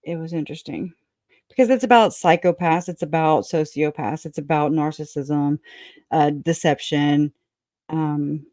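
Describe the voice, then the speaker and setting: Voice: mid-range voice, fairly even intonation, unhurried, darkish tone, no room sound, studio quality. A livestream host in casual commentary, reading quotes aloud and chatting with viewers, with loose, folksy speech and frequent laughter. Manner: chatty, laughs often, breaks off to talk to chat.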